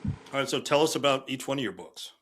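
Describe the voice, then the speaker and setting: A man hosting a podcast, asking his guest questions in a calm, plain way. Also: medium pitch, fast talker, slight background noise. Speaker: podcast host. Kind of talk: interview questions.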